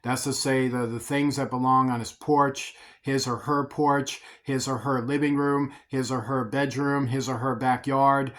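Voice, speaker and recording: A preacher teaching scripture delivers an informal sermon on the commandments in a medium-pitched, slightly bright voice. He explains them conversationally, restarting often and repeating words as he does.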